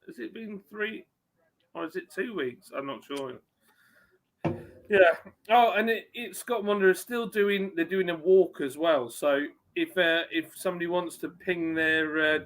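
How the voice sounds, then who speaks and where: Bright-voiced chatty man. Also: on the high side, unhurried. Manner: chatty, reads out viewer names. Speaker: live stream host. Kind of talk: casual live chat.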